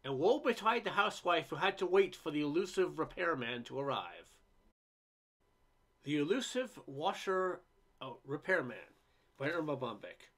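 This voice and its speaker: A man's voice: fairly high pitch, sing-song, moderate pace, a bit bright. Man reading a comic essay aloud. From Canada. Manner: stumbling restarts and fillers while reading. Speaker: reader.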